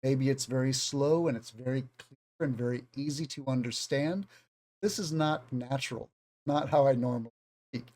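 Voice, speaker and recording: A man with a Southern US accent, teaching English off the cuff in a relaxed online video lesson. He speaks at a mid pitch and talks conversationally, rambling a little, with asides about his own habits. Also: moderate pace. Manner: rambling, conversational, self-aware.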